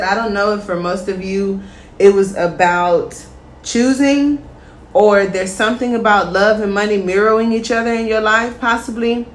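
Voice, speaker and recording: A woman talks her viewers through a tarot reading in a loose, chatty way. She sounds encouraging and relaxed and often drifts into fillers as she goes. The room is echoey, with a faint hum behind her. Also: mid-range voice. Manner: chatty, encouraging, addresses viewers as "my star" and "my healers". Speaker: tarot reader.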